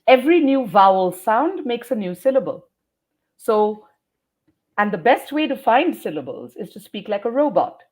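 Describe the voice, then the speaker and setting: A woman's voice: a little high, very animated, moderate pace, a little mellow. A woman educator answering interview questions, explaining points emphatically like a teacher and sounding out words. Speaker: educator and trainer, interview guest.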